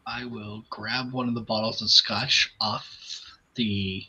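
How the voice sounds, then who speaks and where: A man from North Dakota, a tabletop game player, telling a story in a relaxed, rambling way. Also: on the low side, takes it slowly, husky. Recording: dull lo-fi mic.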